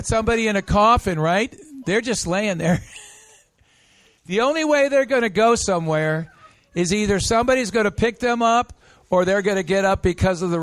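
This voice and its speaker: A man preaching an interactive sermon, coaxing the congregation into call-and-response with slow, emphatic phrases. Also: high-pitched, a bit bright, no echo. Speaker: pastor.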